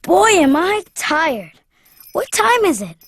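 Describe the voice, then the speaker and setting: A chirpy little cartoon boy, eager and helpful, in a very high voice that leaps up and down. He talks in an unhurried way, with light music playing behind him. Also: very animated, dry recording, exaggerated voice. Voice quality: bright, chirpy, childlike. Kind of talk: cartoon voice acting.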